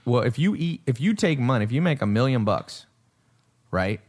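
A man's voice: mid-range voice, expressive, moderate pace, darkish tone. Rambling male podcast host. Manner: rambling storyteller, acts out quotes. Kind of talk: casual chat.

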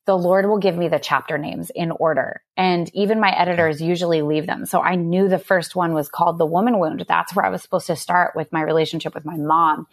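A woman in her thirties, an author, telling a personal story in an earnest, candid way on a faith-based talk show. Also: fairly low pitch. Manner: earnest storytelling with frequent laughs. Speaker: author guest. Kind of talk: faith-based podcast conversation.

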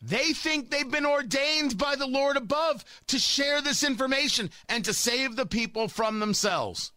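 Sarcastic combative male talk host, bright voice. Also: extremely high pitch, expressive, unhurried, no room sound. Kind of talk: opinion monologue.

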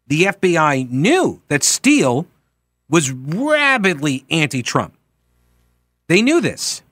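A radio talk show host with a fairly high, slightly bright voice delivers a slow, very animated political monologue, emphatic yet conversational, correcting himself on air. The sound is dry and close with no echo or room around it.

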